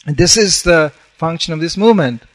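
A man's voice: a little high, animated, fairly quick. Storytelling man preaching a sermon. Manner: storytelling with acted-out quotes, frequent "you know". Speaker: monk preacher.

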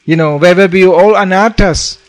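A man's voice: high voice, brisk. Storytelling man preaching a sermon. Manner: storytelling with acted-out quotes, frequent "you know". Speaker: monk preacher.

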